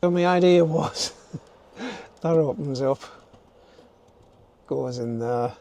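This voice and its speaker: With a mellow, slightly high voice and a slow pace, an older man speaks to a handheld camera as he works in a camper van. It's casual DIY vlog talk, self-deprecating and thought out loud.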